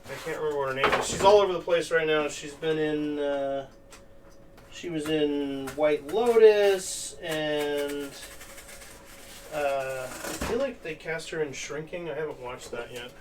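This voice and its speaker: A man chats casually on a crafting stream, thinking out loud and wandering between half-finished thoughts. His voice sits a little high. He is picked up from some distance, with a faint hiss underneath. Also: measured pace. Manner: rambling, thinking aloud with many "like"s. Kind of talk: casual live-stream chat while crafting. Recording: distant mic with faint background noise.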